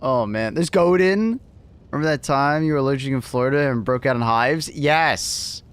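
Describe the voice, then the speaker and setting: A man's voice: mid-range voice, normal speed, smooth. A man hosting a livestream in casual chat, laughing often and swearing loosely as he reads messages.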